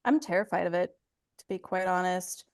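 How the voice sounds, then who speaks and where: A woman's voice: fairly low pitch, brisk. A young adult woman voice actor being interviewed, talking casually and candidly and laughing easily. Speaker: voice actor guest.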